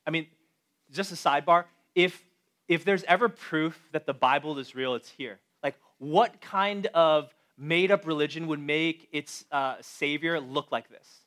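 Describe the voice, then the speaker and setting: A pastor delivers a casual, animated sermon in a fairly high male voice. He leans toward the audience with rhetorical questions and plain talk, picking up energy as he goes. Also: measured pace. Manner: conversational, animated, addresses the audience directly.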